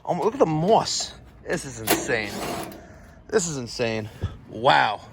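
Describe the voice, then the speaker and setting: A man, vlogging outdoors while servicing air conditioners, excitable and quick to exclaim and laugh. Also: medium pitch, vocal fry, noisy background. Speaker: plumbing and HVAC contractor. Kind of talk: on-the-job vlog. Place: outdoors at a house.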